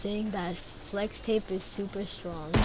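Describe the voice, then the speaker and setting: A woman's voice: medium pitch, fairly even intonation, very slow, heavy background noise. Playful young woman streaming a game. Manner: playful, giggly, teasing. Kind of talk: casual gameplay chat.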